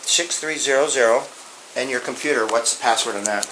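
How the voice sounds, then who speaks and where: A man's voice: medium pitch, fairly quick, pushed and bright, rough recording. Blunt firm male cop. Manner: blunt, firm, repeats commands. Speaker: police investigator. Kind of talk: bodycam interrogation. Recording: bodycam with clear noise.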